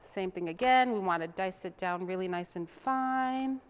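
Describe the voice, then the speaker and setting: A young woman hosts a cooking show in a home-style kitchen. She chats in a homey, easygoing way while she chops and mixes, and her voice sits in an ordinary middle pitch. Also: moderate pace, a little hiss or hum. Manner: chatty and homey, talks while chopping. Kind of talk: casual cooking demonstration.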